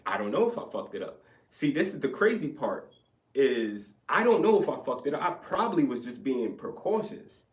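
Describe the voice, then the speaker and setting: A young man telling a story in a casual podcast chat, animated and profane, acting out both sides of an argument. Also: medium pitch, moderate pace, recorded from a distance. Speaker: podcast co-host. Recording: echoey room, off-mic.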